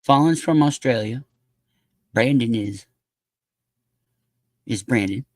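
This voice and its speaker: A man's voice: medium pitch, takes it slowly, dry recording, studio quality. A man hosting a casual livestream, rambling and talking bluntly with plenty of swearing. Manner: profane, blunt, laughing. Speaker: livestream host.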